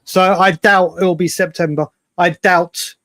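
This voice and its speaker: A man's voice: high-pitched, fairly even intonation, unhurried, a bit bright, dry recording. A man with an English accent co-hosting a casual football chat, emphatic and given to repeating himself. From England. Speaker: podcast co-host.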